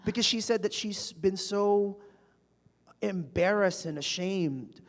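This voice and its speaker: Guy telling stories on stage, acts out the people he quotes, pretty high voice, echoey hall. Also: takes it slowly. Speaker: guest speaker. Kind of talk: onstage public conversation. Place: large event hall. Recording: reverberant hall.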